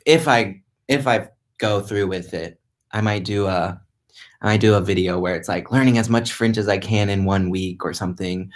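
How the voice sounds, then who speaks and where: A young man chatting loosely through a live stream from a friend's house, filling his talk with "like" and stopping to restart his sentences. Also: fairly low pitch. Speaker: livestreaming vlogger. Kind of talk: casual live-stream chat reading comments.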